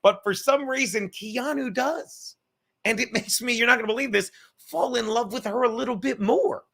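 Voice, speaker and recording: A man hosting a livestream podcast, rambling loudly and swearing as he reads chat comments. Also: extremely high pitch, moderate pace, vocal fry. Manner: loud, rambling, profane, reading chat comments aloud. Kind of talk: casual chat.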